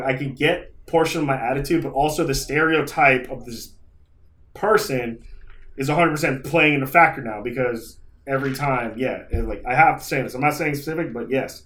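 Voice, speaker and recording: A man's voice: mid-range voice, fairly quick, a bit bright. A man on a podcast who vents about his week in a rambling, profane storytelling manner. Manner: frustrated venting. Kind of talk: casual chat.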